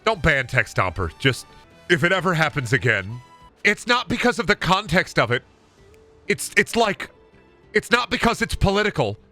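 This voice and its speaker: A man's voice: fairly high pitch, sing-song, normal speed, bright, forceful tone, soft background music. A man streaming a game, chatting to his audience in a rambling, exaggerated way. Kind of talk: casual live-stream chat.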